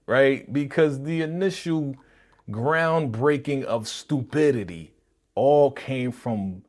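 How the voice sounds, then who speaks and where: Animated man with a lively voice. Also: mid-range voice. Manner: animated and slangy, acting out characters' lines. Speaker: channel host reacting to a TV episode. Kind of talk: live reaction commentary.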